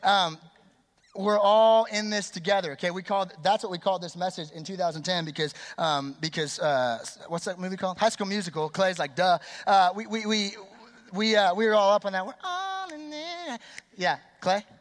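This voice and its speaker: A man in his twenties preaching a youth sermon in an energetic, chatty way, quizzing the crowd. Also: high-pitched, fairly quick. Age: 20s. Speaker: youth pastor. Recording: long hall reverb.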